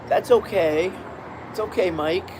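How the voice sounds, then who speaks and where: Upbeat man, slightly high voice, chatting casually to viewers from a balcony hammock, street sounds audible behind. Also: unhurried, darkish tone, slight background noise. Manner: rambling, upbeat, greets viewers by name. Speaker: live-stream host. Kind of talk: casual live-stream chat. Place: outdoors on a balcony, lying in a hammock.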